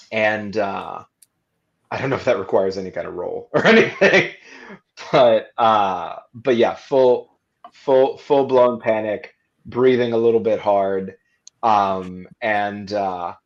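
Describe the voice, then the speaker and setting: A man narrating his character's actions in a tabletop role-playing stream, halting with many fillers and restarts. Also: lowish voice, lo-fi sound. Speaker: player.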